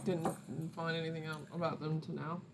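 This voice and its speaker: A woman's voice: low voice, level tone, a little fast, heavy background noise. A woman player in a tabletop game asking blunt, dry questions. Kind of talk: casual game chat.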